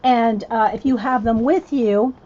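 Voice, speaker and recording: A woman's voice: fairly high pitch, a little slow, mellow, muffled recording. A woman, chatting casually with live-stream viewers at home, a little out of breath, greeting them by name. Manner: chatty, addresses viewers by name, drawls "y'all". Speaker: host of a craft live stream.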